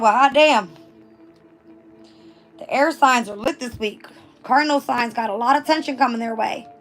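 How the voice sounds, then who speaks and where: Woman, hoarse and losing her voice, casual tarot reader, high-ish pitch, loose and chatty with the odd curse. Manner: reads passages aloud then riffs casually, swears. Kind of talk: casual collective tarot reading.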